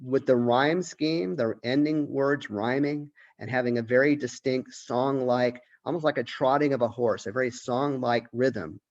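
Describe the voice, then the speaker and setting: A man's voice: medium pitch, moderate pace, few pauses, a little mellow, dull audio. A man who is a college literature professor, giving a lecture and thinking aloud with restarts and questions. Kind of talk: recorded lecture.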